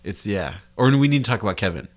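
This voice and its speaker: A man's voice: fairly low pitch, animated, quick pace. A man co-hosting a podcast in casual chat, joking and laughing a lot. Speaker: podcast co-host.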